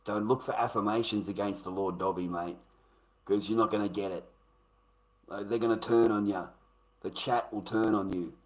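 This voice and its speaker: A man's voice: lowish voice, fairly even intonation, moderate pace, rough recording. An Australian man ranting casually to his livestream chat, blunt and swearing constantly.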